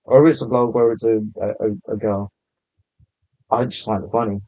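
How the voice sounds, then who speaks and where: A man chatting as a podcast guest in a laid-back, low-key way. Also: steady tone, moderate pace, warm tone, dry recording. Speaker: podcast guest, content creator. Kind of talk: casual podcast chat. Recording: slightly muffled lo-fi sound.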